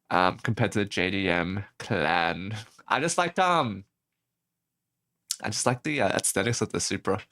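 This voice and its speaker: A man's voice: on the low side, bright, forceful tone. A young man streaming as a VTuber, telling a rambling story with lots of laughing, swearing and false starts. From Australia.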